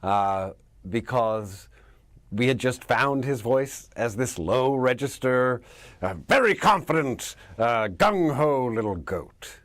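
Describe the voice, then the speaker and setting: A man, an actor, answering interview questions in an animated way, laughing often and dropping into character voices. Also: mid-range voice, slow, no room sound.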